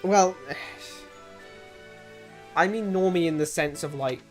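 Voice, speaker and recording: A man's voice: on the high side, slow pace, darkish tone. A man co-hosting casual video game commentary, with a wry, critical tone and frequent hesitant restarts. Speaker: co-host. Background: game music.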